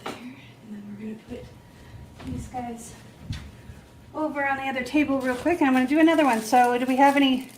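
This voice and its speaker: High-voiced chatty woman painting live. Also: brisk, pauses often, background noise. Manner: chatty, laughs often, self-teasing. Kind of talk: casual live-stream demo chat.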